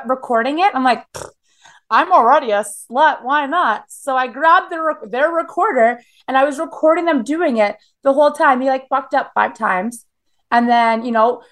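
A woman in her thirties from Canada, telling blunt, profane stories in a casual interview with lots of "like" fillers. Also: on the high side. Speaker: guest.

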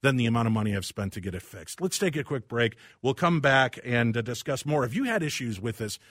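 A man hosting a casual talk show, telling animated, self-deprecating stories about his house. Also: mid-range voice, fairly quick, no echo, clean studio sound. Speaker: radio show host. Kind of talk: casual chat.

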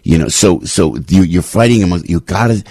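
Man, radio host, deep husky voice, heated rambling monologue, dry studio sound. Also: a little fast, a little mellow, dry recording. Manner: rambling, impassioned, frequent restarts and sudden pitch jumps. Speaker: radio talk show host. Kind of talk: opinionated talk radio monologue.

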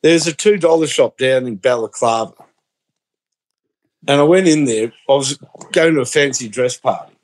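Deadpan Australian man telling a story. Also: mid-range voice, moderate pace, long pauses. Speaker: radio co-host. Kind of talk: casual chat and storytelling.

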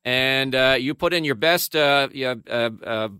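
A man hosting sports talk radio, chatting casually with lively banter and often laughing as he reads out poll numbers. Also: medium pitch, unhurried, clear, resonant tone, no echo, studio quality.

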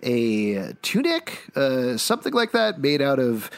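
A man's voice: medium pitch, wildly swooping pitch, unhurried, creaky, no room sound. A man co-hosting a podcast, recapping a comic story at length in a keen, casual way with many "uh" fillers. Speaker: podcast co-host. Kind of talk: casual comic book discussion.

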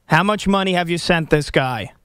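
A man's voice: a little high, normal speed, fairly bright tone, clear, resonant tone, no room sound, clean studio sound. A man co-hosting sports radio, chiming in with short reactive comments. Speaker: radio co-host. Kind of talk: casual sports radio banter.

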